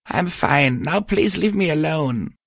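A man voicing a grieving, withdrawn young female pony with a hoarse, raspy voice, speaking softly and haltingly. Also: fairly high pitch, expressive, no room sound, clean studio sound, voice pushed up, full character voice. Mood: tearful. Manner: soft, tearful, halting.

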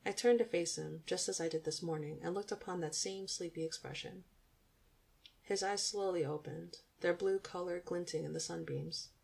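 Gravelly, low-voiced woman narrating. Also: steady tone, moderate pace, a little mellow. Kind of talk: audiobook narration.

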